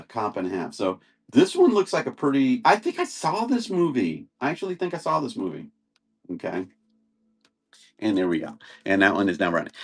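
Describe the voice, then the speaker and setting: A man's voice: medium pitch, fairly bright tone. A man selling old videotapes on a live stream, chatting casually and rambling with many fillers. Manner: rambling, chatty, says "and stuff" often. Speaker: live auction seller.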